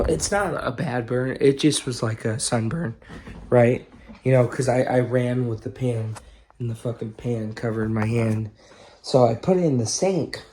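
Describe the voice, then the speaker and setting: A man's voice: medium pitch, darkish tone, slight background noise. A man telling a story casually to camera, swearing often and filling his talk with "you know" and "right?". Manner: profane, rambling, many fillers and tag questions. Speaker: vlogger.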